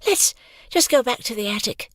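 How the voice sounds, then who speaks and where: A narrator voicing a sleepy, curious young girl in a children's audiobook, sometimes dropping to a breathy whisper. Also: medium pitch, expressive, normal speed, a bit bright, no room sound, studio quality, voice pushed up, natural voice. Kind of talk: audiobook character voice.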